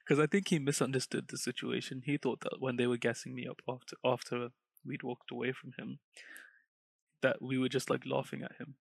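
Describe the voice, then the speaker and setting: A young man from England tells a story in loose, casual chat, acting out the voices of people he met. His voice is gravelly with a husky edge. The sound is dry and close. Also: mid-range voice, brisk, no room sound. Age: teens or young adult. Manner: animated storyteller, laughs often, acts out quotes.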